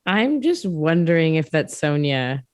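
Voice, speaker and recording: A woman's voice: low-pitched, sing-song, no echo, studio quality. A woman musician from Austin, Texas, chatting casually as an interview guest and laughing often. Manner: giggly, quick to laugh.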